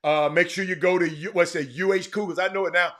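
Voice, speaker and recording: Middle-aged man, sports talk host, high voice, animated and teasing. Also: fast talker. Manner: animated, teasing, breaks into loud exclamations. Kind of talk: casual live-stream chat reading the comments.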